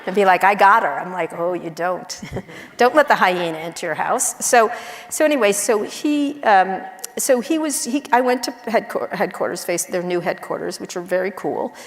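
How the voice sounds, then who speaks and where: A middle-aged woman journalist chatting casually on stage, blunt and wry, telling quick animated stories with asides. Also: mid-range voice. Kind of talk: casual onstage conversation. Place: large university auditorium. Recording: long auditorium reverb.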